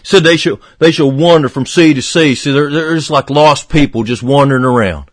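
A man preaching a fervent radio sermon, swinging from emphatic peaks to hushed, low passages. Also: normal speed, no room sound.

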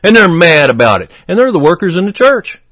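A man preaching a fervent radio sermon, swinging from emphatic peaks to hushed, low passages. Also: very animated, a little fast, no echo.

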